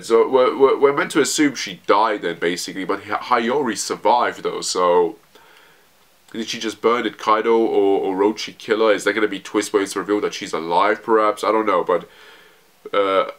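A man's voice: deep voice, moderate pace, a bit bright. A man giving a casual manga chapter review, rambling with lots of fillers and self-corrections.

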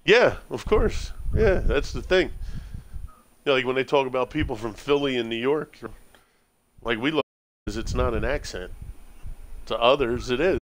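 A man's voice: mid-range voice, animated, normal speed, long pauses, slight background noise. An American man streaming a building game live, chatting casually with his viewers and friends and laughing often. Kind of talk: casual chat while gaming.

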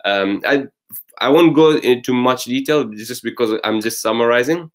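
A man's voice: medium pitch, normal speed. Man hosting a Quran recitation summary. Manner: explains patiently with many fillers and restarts. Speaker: host and Quran recitation teacher. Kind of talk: casual summary lesson.

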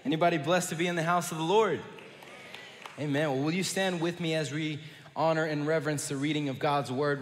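A man's voice: a little high, steady tone, brisk. A man with a Southern American accent preaching a sermon as pastor, often repeating words as he restarts his sentences. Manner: repeats words and restarts, warm church greetings. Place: large church sanctuary. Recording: long hall reverb.

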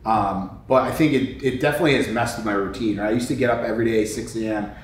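A man co-hosting a casual interview, talking in a brisk, rambling way. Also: fairly even intonation. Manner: brisk, rambling, lots of fillers. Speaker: co-host. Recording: distant echoey room with faint rumble.

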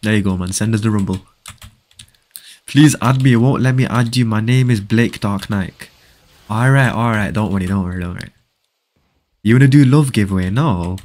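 A man's voice: fairly low pitch, normal speed, pauses often, darkish tone. A young man, streaming a game live and reading viewer chat aloud, teasing and bantering with his audience. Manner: joking banter, teasing viewers, frequent laughs.

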